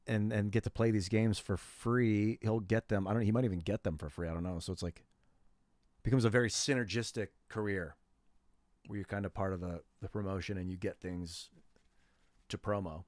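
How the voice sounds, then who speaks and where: A man's voice: lowish voice, fairly even intonation, moderate pace, a little mellow, no room sound, clean studio sound. A man in his thirties chatting casually on a gaming livestream, rambling and slangy as he talks to viewers. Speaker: gaming streamer.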